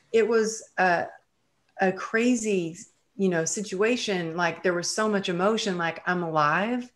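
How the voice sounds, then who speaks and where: A woman's voice: medium pitch, unhurried. A middle-aged woman, a guest on an interview podcast, telling her life story vividly and acting out the lines she quotes.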